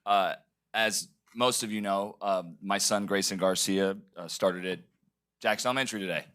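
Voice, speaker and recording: Deep-voiced emotional man at a meeting. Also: normal speed, fairly bright tone, smooth. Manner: heartfelt, emotional, many fillers. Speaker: board member. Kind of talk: public meeting remarks.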